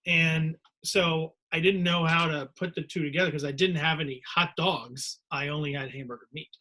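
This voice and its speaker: A man's voice: a little high, pushed and bright. A man hosting a rambling, digressive comedic monologue. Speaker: host.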